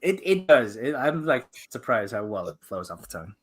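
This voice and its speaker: A man co-hosting a casual podcast, laughing often and reacting quickly. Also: medium pitch, big pitch swings, husky. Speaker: podcast co-host. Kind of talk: casual streamed podcast chat.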